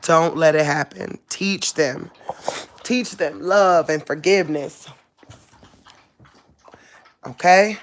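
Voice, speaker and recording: A woman's voice: deep voice, slow pace, slight background noise. A woman vlogger talking casually to camera at home, laid-back and chuckling, in loose everyday speech.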